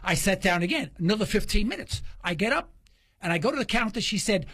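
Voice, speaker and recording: Quick and husky, this high-sitting male voice belongs to a talk radio host who tells stories casually. He's an animated storyteller who performs the quoted dialogue of the people involved. There's no room sound.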